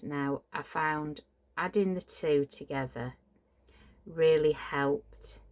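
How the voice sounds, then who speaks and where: A middle-aged woman, casually demonstrating a papercraft build, chatty and apologetic and prone to tangents. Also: low-pitched. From Cheshire, England. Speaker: papercraft tutorial host.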